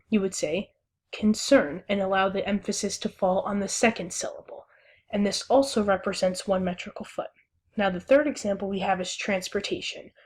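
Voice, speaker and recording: Sounding out syllables one by one, a young woman delivers a recorded lesson in a slow, deliberate way. She speaks in a mid-range voice.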